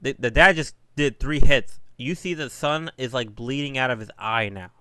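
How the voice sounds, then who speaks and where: A man in casual podcast chat, telling a story with animated, stammering restarts. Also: mid-range voice, moderate pace, clean tone, no room sound, studio quality.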